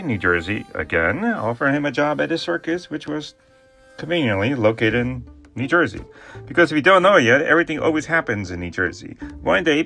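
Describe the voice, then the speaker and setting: A man's voice: mid-range voice, vocal fry. A man telling a humorous historical story, with playful asides and jokes about his own mistakes. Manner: jokey asides, playful and animated.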